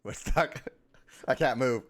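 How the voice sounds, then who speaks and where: A man's voice: mid-range voice, slow pace. A man chatting and teasing his friends playfully while they play a game together, often stumbling over his words. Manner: teasing, playful, stammering restarts. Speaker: streamer playing a game with friends. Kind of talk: casual gaming banter.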